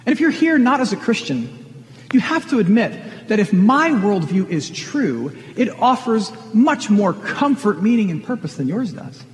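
Pastor, male, slightly high voice, earnest conversational sermon, long hall reverb. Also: big pitch swings, measured pace. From Michigan. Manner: earnest, conversational preaching with rhetorical questions.

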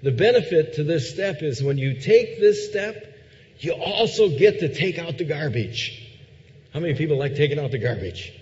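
A man's voice: a little high, lively intonation, normal speed. Preaching man in a reverberant hall. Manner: rhetorical questions, swings from loud emphasis to quiet intensity. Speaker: pastor. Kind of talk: sermon. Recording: dull sound with long hall reverb.

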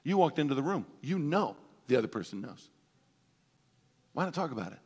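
A man preaching a sermon as pastor, animated and playful, acting out everyday voices for laughs. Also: mid-range voice, brisk, breathy edge, in a large hall. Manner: animated, acts out voices of toddlers and parents for laughs.

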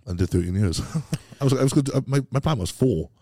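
A man's voice: medium pitch, expressive, brisk, mellow, dry recording, clean studio sound. A Welsh man telling stories as a podcast guest, rambling and laughing easily, full of British slang. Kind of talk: casual chat.

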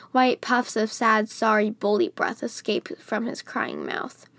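A woman reading a first-person novel aloud as a book reviewer, with expressive delivery that lifts on dialogue. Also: vocal fry, no room sound. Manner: reads expressively, louder and higher on lines of dialogue.

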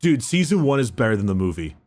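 A man's voice: mid-range voice, sing-song, fast talker, a little mellow. Male co-host, mid-range voice, enthusiastic and rambling as he explains. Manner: enthusiastic, explains lore in a rush, swears freely. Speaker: podcast co-host. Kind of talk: casual chat.

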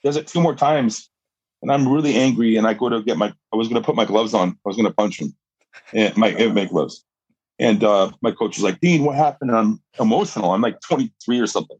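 A man's voice: on the low side, a little fast, darkish tone, husky, no room sound, muffled recording. A middle-aged man, a guest on a podcast, telling a story with energy, laughing often and restarting his sentences. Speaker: guest, jiu-jitsu fighter and coach.

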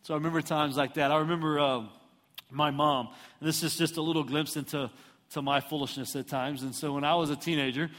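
A man's voice: a little high, fairly quick. Man from Houston preaching in a reverberant hall. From Houston, Texas. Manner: animated, self-mocking storyteller who acts out voices. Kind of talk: storytelling sermon.

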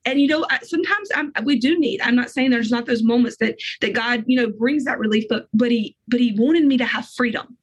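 Middle-aged woman guest, husky, rather high voice, earnest faith testimony. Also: muffled recording. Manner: earnest, emotional, fast bursts of speech.

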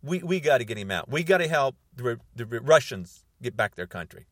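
A video blogger in his sixties gives a heated monologue to camera, repeating words for emphasis and drawing out key ones. His medium-pitched voice is fairly bright with big pitch swings, at a moderate pace, recorded dry.

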